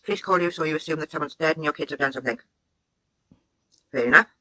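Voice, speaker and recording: Brief: female commentary host from Wales, sarcastic and direct, bright tone, dry close sound. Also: low-pitched, fast talker, dry recording, low-quality recording. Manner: sarcastic, talks straight at the person in the clip.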